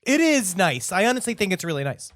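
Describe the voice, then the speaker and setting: Man, high voice, crude jokester, podcast co-host, dry close sound. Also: very animated, fairly quick, a bit bright, dry recording. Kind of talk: casual comedic chat.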